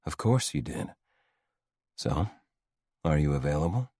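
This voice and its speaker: An actor playing a confident, teasing rich young man in an audiobook, speaking smoothly with a low, gritty voice. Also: very animated, a little slow, dark tone, no echo, clean studio sound, heavily acted. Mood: commanding. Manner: smooth, commanding. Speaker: love interest. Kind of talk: audiobook dialogue.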